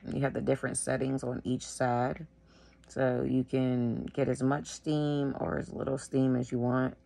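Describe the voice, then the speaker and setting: Woman, sick and wheezy, tired slow talk, deep fry in the voice, at home. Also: flat delivery, dark tone, dry recording. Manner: tired, slow, filler-heavy. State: sick, wheezing and short of breath. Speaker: vlogger sharing her illness. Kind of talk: casual talk to camera.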